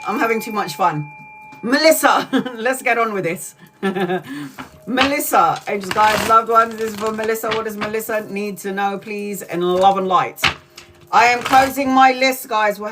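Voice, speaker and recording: A woman's voice: medium pitch, noisy background. Chatty, swearing British woman. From Britain. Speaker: tarot reader. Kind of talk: live-stream tarot reading.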